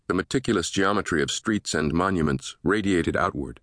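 A man narrating a thriller audiobook in a steady, measured way. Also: low-pitched, no echo, clean studio sound.

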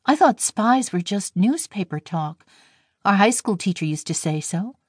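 A woman's voice: mid-range voice, lively intonation, measured pace, slightly rough, no echo, clean studio sound. A woman reading the part of a shy, timid young girl who speaks earnestly and anxiously.

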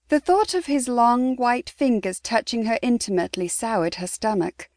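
A woman narrating a historical romance audiobook in a smooth, even storytelling manner. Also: fairly high pitch, normal speed, hardly any pauses, no echo, studio quality. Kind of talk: scripted narration.

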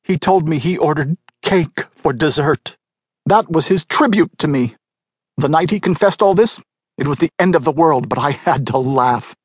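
A man's voice: on the high side, normal speed, husky, no room sound, clean studio sound. A man voicing a bitter, wry middle-aged wife telling of her husband's betrayal in a storybook reading.

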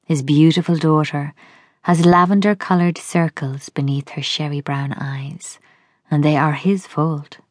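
A woman narrating an audiobook in a soft, intimate way, often dropping to a whisper. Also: deep voice, creaky, breathy edge, no echo, clean studio sound.

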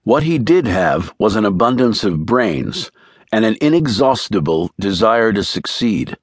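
A man narrating a thriller audiobook in a measured, even storytelling manner. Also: lowish voice, breathy edge, no room sound, studio quality.

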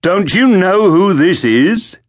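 A man's voice: high voice, expressive, slow pace, pitched above the performer's own voice, exaggerated voice. A man voicing a young male night watchman who taunts and mocks a stranger in an audiobook. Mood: taunting.

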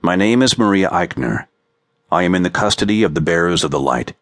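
A male narrator voicing a captive woman who speaks slowly and clearly in a composed way. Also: low voice, lively intonation, a bit bright, no room sound, studio quality. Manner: slow, clear, composed speech. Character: captive woman pleading steadily on video.

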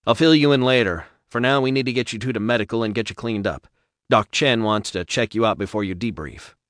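A man voicing a young male ship captain who talks warmly and jokingly, in an audiobook. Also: medium pitch, a little fast, no room sound, clean studio sound, close to an everyday voice. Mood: friendly. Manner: warm, joking.

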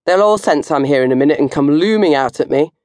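An older woman reading her own comic novel in first person, animated and jumping to high squeals for effect. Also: fast, dry recording, clean studio sound.

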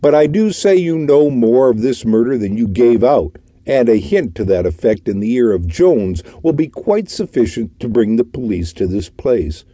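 A man's voice: mid-range voice, lively intonation, normal speed, hardly any pauses, warm tone, dry recording, voice pushed up, close to an everyday voice. A man voicing a stern, suave detective who speaks in a commanding, contemptuous way in an audiobook.

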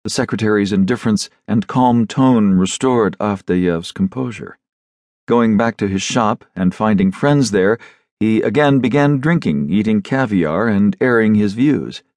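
A man narrating an audiobook in a measured storytelling manner, recorded on a studio microphone. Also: fairly low pitch, no room sound. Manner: measured storytelling with expressive phrasing. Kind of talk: scripted narration.

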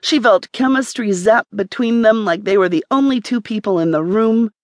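A woman narrating a romance audiobook in a measured, even storytelling manner. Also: fairly high pitch, dry recording.

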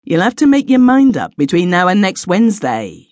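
A woman reading as a blunt, loud young farm man. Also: big pitch swings, unhurried, no room sound, clean studio sound, full character voice. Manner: loud, blunt, mocking a high affected voice to the dog. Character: gruff adult male horse dealer's son, blunt.

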